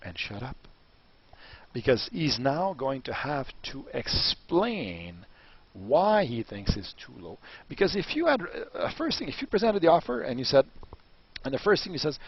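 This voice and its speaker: Husky guy coaching on negotiating, lively up-and-down voice, acts out bits. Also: medium pitch, moderate pace. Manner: animated, acts out dialogues. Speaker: business coach. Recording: dull lo-fi recording.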